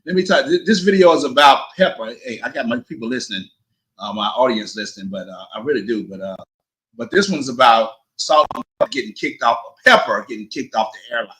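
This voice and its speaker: A man's voice: medium pitch, lively intonation, quick pace, a bit bright, low-quality recording. A man hosting a casual livestream, chatting loosely with his viewers. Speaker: livestream host.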